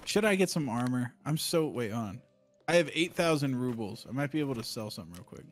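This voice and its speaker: A man chatting casually while playing a game with a friend, bantering quickly and reacting to the action. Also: mid-range voice, animated, faint music behind. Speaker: fellow streamer. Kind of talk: casual gaming chat.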